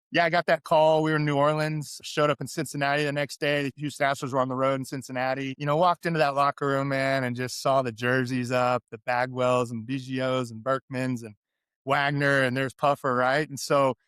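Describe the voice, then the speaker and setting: Smooth-voiced man telling candid stories. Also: medium pitch, a little fast, no echo, clean studio sound. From California. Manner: animated storyteller, chatty and candid. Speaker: podcast guest, former pro athlete. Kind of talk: interview storytelling.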